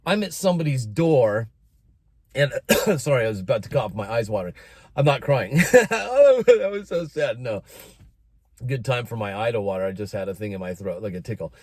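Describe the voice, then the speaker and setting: A middle-aged American man telling a personal story in a casual monologue, animated and expressive. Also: lowish voice, fairly quick, no echo. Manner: animated, breaks into announcer-style shouting when quoting.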